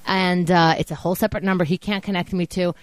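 A woman in casual chat, telling a story in an animated, profane rant. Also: on the low side, fast talker, clear, resonant tone, dry recording.

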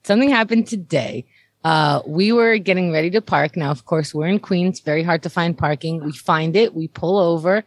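A woman's voice: on the low side, moderate pace, no echo. A woman, telling a story in a casual chat, chatty and wry. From New York.

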